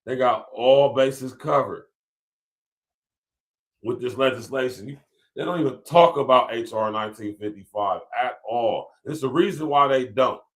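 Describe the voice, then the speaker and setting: A man in the middle range of pitch hosts his own podcast with a lilt. He is emphatic and repetitive, reading text aloud and then breaking it down with asides and slang. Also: moderate pace. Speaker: podcast host. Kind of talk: casual commentary podcast.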